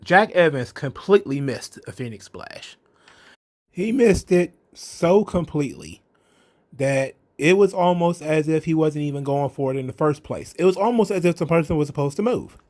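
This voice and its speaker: A man's voice: fairly high pitch, animated, normal speed, darkish tone. A man hosting his own commentary show, talking casually with blunt, sarcastic and profane remarks. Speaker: host of a wrestling commentary show.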